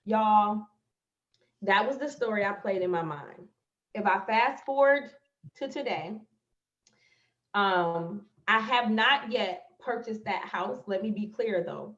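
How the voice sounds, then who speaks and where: A woman's voice: medium pitch, measured pace, fairly bright tone. A woman speaks to her viewers on a live stream, telling a personal story with open emotion and calling them "y'all" as she goes. Her voice sits in the middle of the female range. The sound is roomy, with a lot of echo, and slightly muffled, as from a phone or webcam stream. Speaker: motivational speaker. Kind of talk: livestream talk on manifestation. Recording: echoey, slightly dull live-stream audio.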